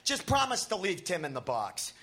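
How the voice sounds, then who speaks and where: A man's voice: high voice, wildly swooping pitch, normal speed, fairly bright tone, heavily acted. A man voicing a nervous male band member who stammers and pleads. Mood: nervous pleading.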